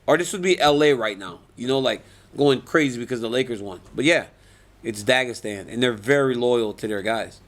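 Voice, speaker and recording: A forties-aged MMA fighter answers reporters in a casual media interview, speaking at a moderate pace with a medium-pitched voice. He tells stories animatedly and laughs often.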